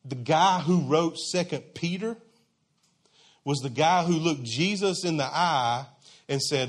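A man's voice: a little high, animated, slow, long pauses. A man preaching a sermon in a conversational, emphatic, folksy way.

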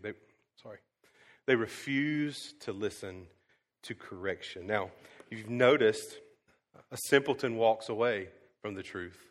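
A man preaching to his congregation at an ordinary pitch, his voice carrying with a long reverb through a church hall. He tells stories with animated energy, dropping to a hush and then booming out again, and he pauses often on fillers like um. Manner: animated storytelling, swings from hushed to loud; frequent "um" fillers and restarts. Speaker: pastor. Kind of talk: sermon.

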